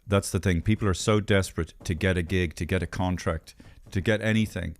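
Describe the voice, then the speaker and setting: A middle-aged man with an Irish accent hosts a casual podcast chat. His voice sits fairly low. He rambles, jokes and swears freely. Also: fairly even intonation, fairly quick. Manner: profane, jokey and rambling. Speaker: podcast host.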